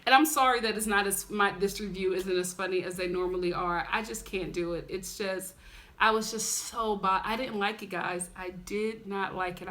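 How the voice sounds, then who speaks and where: A woman's voice: medium pitch, bright, forceful tone. A young woman from Philadelphia, talking straight to her viewers in a casual, emphatic TV recap vlog. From Philadelphia, USA. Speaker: TV recap vlogger.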